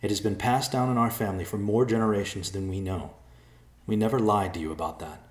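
A man's voice: on the low side, fairly even intonation, brisk, roomy sound, natural voice. A man voicing a nervous adult man in a storybook reading, pleading earnestly and stammering.

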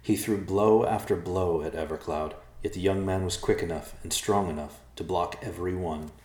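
Man, storybook narrator, steady measured reading, very deep voice, roomy echo. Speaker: audiobook narrator.

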